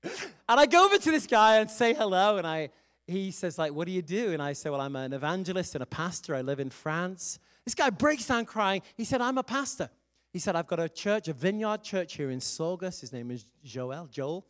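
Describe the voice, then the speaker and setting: Middle-aged male preacher, high and lively pitch, chatty storytelling sermon. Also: moderate pace. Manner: conversational storytelling with laughs. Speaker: evangelist and pastor.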